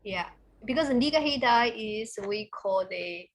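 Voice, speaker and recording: A woman's voice: a little high, lively intonation, unhurried. A woman taking part as a student, answering tentatively and checking herself.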